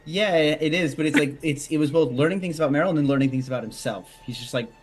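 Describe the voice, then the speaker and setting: A man with a slightly high voice talking over a tabletop session with his group. He rambles, restarts his sentences and drops the odd curse word. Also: quick pace, faint music behind, low-quality recording. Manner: rambling, swears, restarts often. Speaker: player. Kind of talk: casual post-session chat.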